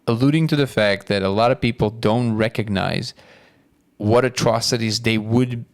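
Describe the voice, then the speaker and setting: A man's voice: lowish voice, normal speed. A man, an actor appearing as a podcast guest, thoughtfully analyzing an idea and paraphrasing it back in a conversational way. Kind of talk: casual conversation.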